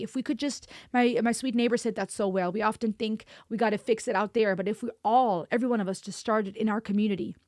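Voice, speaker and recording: Woman host of a music reaction channel, emphatic and heartfelt, recorded dry with no room echo. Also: mid-range voice. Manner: earnest, impassioned, emphatic with repetition. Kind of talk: reaction video commentary.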